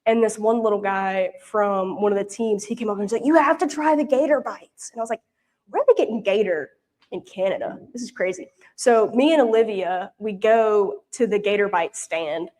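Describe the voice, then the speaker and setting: A woman's voice: mid-range voice, moderate pace, darkish tone. Young woman, from Louisiana, chatty, rambling, casual storytelling, church meeting. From Louisiana, US South. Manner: chatty and rambling, many fillers and restarts. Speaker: mission intern giving a report. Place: church prayer meeting, showing pictures.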